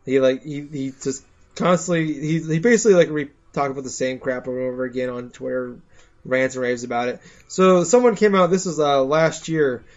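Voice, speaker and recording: A man's voice: medium pitch, fairly quick, muffled recording. A man co-hosting a casual podcast, mocking things with sing-song repetition. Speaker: podcast co-host. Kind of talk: casual chat.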